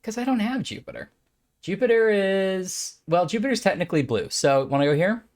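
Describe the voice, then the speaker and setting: A man's voice: sits high, expressive, brisk, darkish tone. A man chatting casually while playing a puzzle game, musing and joking as he thinks aloud. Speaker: game player.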